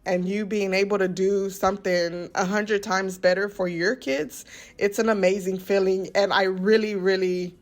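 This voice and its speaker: A woman's voice: medium pitch, fairly even intonation, a little slow. A woman, speaking in a heartfelt, rambling way and often repeating words for emphasis. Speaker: lifestyle vlogger. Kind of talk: heartfelt voice-over chat.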